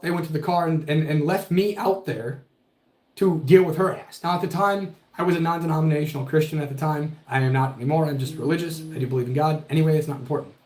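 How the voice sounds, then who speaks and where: Guy telling a creepy story, swears a lot, kinda high voice, echoey room. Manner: profane, animated storytelling. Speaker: podcast guest telling a ghost story. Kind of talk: casual storytelling.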